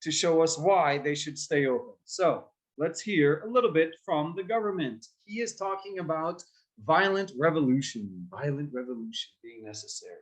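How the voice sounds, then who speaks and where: A man teaching young students about debate in a lively way, asking them questions and acting out examples. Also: fairly high pitch, normal speed, poor audio. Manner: lively, asks the class questions and acts out examples. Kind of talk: explaining debate skills to children.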